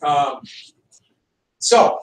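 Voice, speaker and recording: A high school history teacher from Montana, USA, lectures his class and tells a story, animatedly voicing the people in it and drawing out his words. The echoey classroom recording has the mic at a distance.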